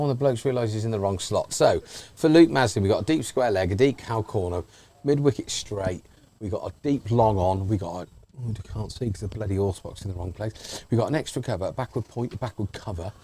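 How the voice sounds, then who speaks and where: A man's voice: lowish voice, a little fast. An English man doing casual, banter-filled live cricket commentary outdoors at a ground. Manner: chatty, banter-filled, shouts out to people. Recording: faint background noise.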